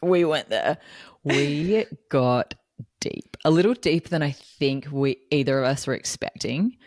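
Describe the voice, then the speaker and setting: Young Australian woman, very low voice, dry and teasing, podcast co-host, dry close sound. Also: animated, a little slow, darkish tone, no room sound. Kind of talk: casual chat.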